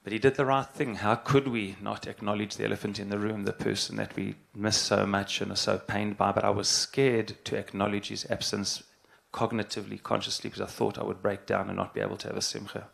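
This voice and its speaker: Gravelly low-voiced middle-aged rabbi. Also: male voice, little pitch movement, fairly bright tone. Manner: earnest, halting, repeats phrases for emphasis. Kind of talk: reflective spoken address.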